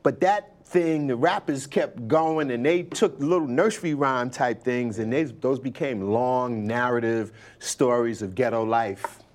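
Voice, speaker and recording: Older man, animated storytelling guest. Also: mid-range voice, measured pace, few pauses. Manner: animated, quotes others in lively bursts. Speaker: interview guest, hip hop pioneer. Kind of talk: conversational storytelling.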